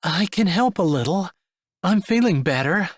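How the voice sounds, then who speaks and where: A soft-spoken young woman , as a male narrator puts her on, speaks in a lifted, gentle voice with a lively lilt. She sounds mild and quiet, as in a storybook romance read dry and close. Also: high voice, moderate pace, dry recording, voice pushed up. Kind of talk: audiobook character voice.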